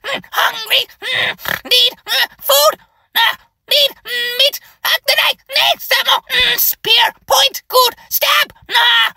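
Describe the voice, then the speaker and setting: Kobold monster, sharp bright squeak, tight throat, yells in chopped broken words. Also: male voice, fairly even intonation, takes it slowly, gravelly, no echo, studio quality, full character voice. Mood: hungry, yelling. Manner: loud, clipped broken words with grunts. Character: small male dragon-like kobold, obnoxious menace. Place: car.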